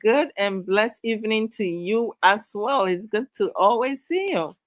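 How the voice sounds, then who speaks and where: Expressive and a little slow, a middle-aged woman at medium pitch runs a live discussion stream, talking casually to viewers while lecturing them with exasperation and plenty of laughter. There's no echo.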